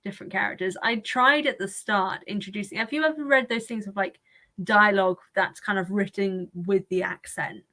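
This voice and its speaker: A woman's voice: medium pitch, moderate pace, pushed and bright. A woman hosting a casual livestream chat, rambling and laughing often. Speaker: livestream host.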